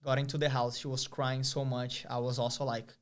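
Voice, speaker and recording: A young man from Brazil, telling a story as an interview guest in a lively, vivid way with many fillers. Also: mid-range voice, brisk, clean tone. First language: Portuguese. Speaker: guest, pro soccer player.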